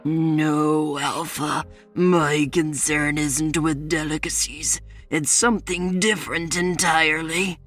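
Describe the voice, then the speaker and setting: A woman doing a raspy hissing wolf beast. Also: sits low, fairly even intonation, a bit bright, soft background music, voice pushed down, heavily acted. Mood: growling hungry. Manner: hissing, slow and greedy. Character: raspy hungry male dagger wolf, hissing.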